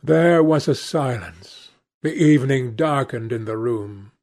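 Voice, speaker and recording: A man narrating a classic novel as an audiobook, measured and unhurried. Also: medium pitch, darkish tone. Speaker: audiobook reader.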